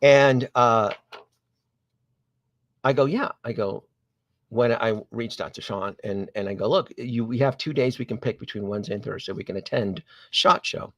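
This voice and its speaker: A man's voice: medium pitch, moderate pace, no room sound, muffled recording. A man, hosting a live stream, telling a long story in a casual, rambling way with frequent restarts and asides to viewers. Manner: animated, digressive, many restarts and asides to viewers. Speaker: host of a collectibles live stream.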